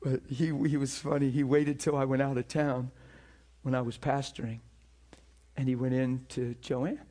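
A man preaching a sermon as a pastor, telling a personal story in an animated way, often breaking into laughter and repeating words as he goes. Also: medium pitch, normal speed.

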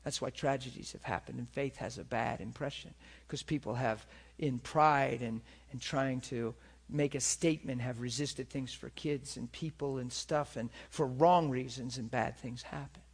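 A man's voice: medium pitch, moderate pace, few pauses, breathy edge. A middle-aged man preaching a storytelling sermon, acting out voices and crying out in places. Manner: animated, acts out voices and cries out.

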